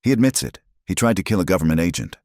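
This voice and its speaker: Man doing a shrieky crooked agent guy, yelling and panicky, dry close voice. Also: big pitch swings, fast, no room sound. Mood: panicky shouting. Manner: shrill, shouting, blustering. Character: panicky corrupt male government agent.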